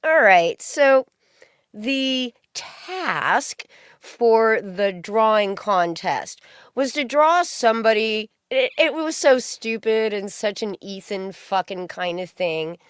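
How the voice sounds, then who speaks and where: A woman's voice: fairly high pitch, lively intonation, takes it slowly, clean tone, no room sound, studio quality. A woman hosting a stream, giving a profane, mocking commentary rant.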